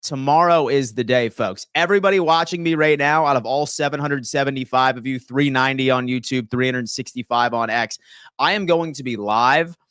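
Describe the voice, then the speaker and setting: An upbeat man running a live sports talk stream, calling out viewers and weighing in with quick opinions. His voice is smooth and resonant, recorded close and dry with no room sound. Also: mid-range voice, no room sound. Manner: energetic, reads chat shout-outs aloud. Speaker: sports livestream host.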